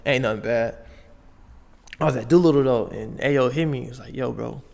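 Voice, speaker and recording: A man's voice: mid-range voice, moderate pace, creaky, darkish tone. A young man from Las Vegas, a podcast guest retelling his story in a casual, slangy way, full of "like" and "bro". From Las Vegas, United States. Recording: long reverb on the voice.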